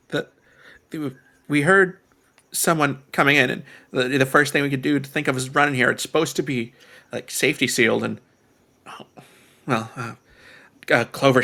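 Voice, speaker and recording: A man voicing a frightened orphaned young boy in a tabletop game, speaking in a halting, stammering way. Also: medium pitch, vocal fry, pushed and bright. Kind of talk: tabletop role-play character voice.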